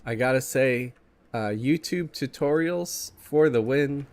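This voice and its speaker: A man's voice: medium pitch, takes it slowly, darkish tone. A man with a stuffy, congested morning voice, casually chatting with viewers while streaming a game and reading chat aloud. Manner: laid-back, chuckling, reads chat aloud.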